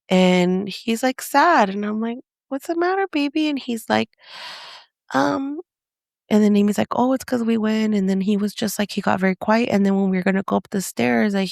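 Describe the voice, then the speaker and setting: A woman's voice: medium pitch, creaky, a little mellow, no echo, studio quality. A woman co-hosting a podcast tells a story casually. She rambles with lots of fillers and acts out the quotes. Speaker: podcast co-host.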